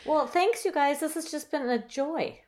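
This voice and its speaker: A woman's voice: high-pitched, moderate pace, crowd noise. A woman podcast co-host chatting cheerfully and encouragingly with guests. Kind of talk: casual video-call chat.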